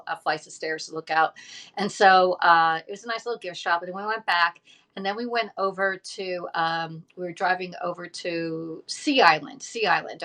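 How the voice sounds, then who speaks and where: Chatty woman with a bright voice. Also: mid-range voice. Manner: rambling, chatty storytelling that greets viewers mid-story. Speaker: livestream host. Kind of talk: casual live-stream chat.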